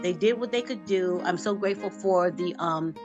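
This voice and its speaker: Woman guest on a video call, effusive and warm, laughs easily, faint music underneath. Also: fairly low pitch, normal speed, highs cut off. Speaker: filmmaker guest. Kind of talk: casual video call interview. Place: home.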